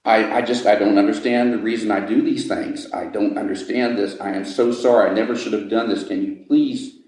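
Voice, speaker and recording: A man's voice: fairly low pitch, steady tone, a little mellow, very echoey, lightly acted, rough recording. A man doing a weeping killer begging forgiveness. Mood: pleading. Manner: tearful, halting pleading.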